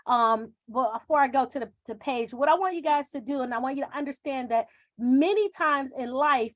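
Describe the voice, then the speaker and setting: Woman confidence coach, high voice, coaxing, repetitive, live video call. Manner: coaxing, repeats phrases for emphasis. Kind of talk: live guided exercise.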